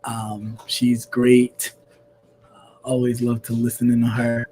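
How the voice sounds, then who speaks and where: A man's voice: mid-range voice, completely flat delivery, takes it slowly, warm tone, slight background noise. Rambling man hosting a chat stream. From New York. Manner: rambling, many fillers and throat-clearing. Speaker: host. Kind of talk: casual live-stream chat.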